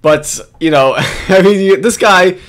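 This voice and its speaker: A man's voice: high-pitched, a little slow, a bit bright. A man giving casual, profane commentary on a video, rambling and sarcastic with frequent restarts.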